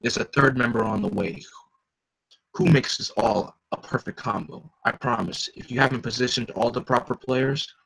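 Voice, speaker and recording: A man's voice: medium pitch, normal speed, vocal fry, fairly bright tone, rough recording. A man reading a comic aloud live, chatty, stopping often to comment and joke. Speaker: reader.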